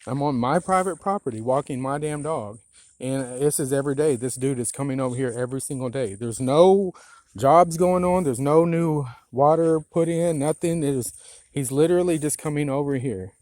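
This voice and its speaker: A man's voice: fairly high pitch, moderate pace, darkish tone, no echo. Brief: irritated man, outdoor phone vlog, dry close sound, profane and rambling. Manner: agitated, profane, rambling with many "you know"s. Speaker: property owner filming a complaint. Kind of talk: angry handheld vlog rant. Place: outdoors on rural land.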